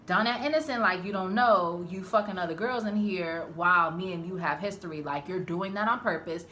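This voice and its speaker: A woman's voice: fairly low pitch, brisk, sharp tone, a little hiss or hum. A woman voicing a flustered young woman who is awkward under pressure, speaking plaintively. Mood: pleading.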